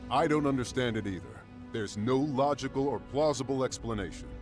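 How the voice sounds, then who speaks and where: A man's voice: mid-range voice, a little fast, darkish tone, lightly acted. An actor voicing a curt, defensive male guard in a game. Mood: firm. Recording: game audio with music behind. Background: music.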